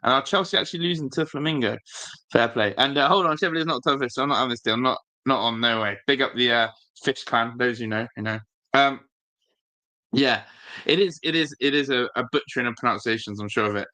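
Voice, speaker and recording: Bright-voiced chatty man. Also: medium pitch, fast. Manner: chatty, rambling, reads viewer chat aloud. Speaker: football fan channel host. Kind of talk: live-stream casual chat.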